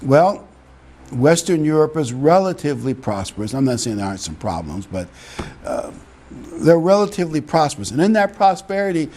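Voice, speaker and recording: A man's voice: fairly high pitch, big pitch swings, normal speed, dark tone. A middle-aged man preaching a sermon in a conversational way, with emphatic peaks. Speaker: pastor.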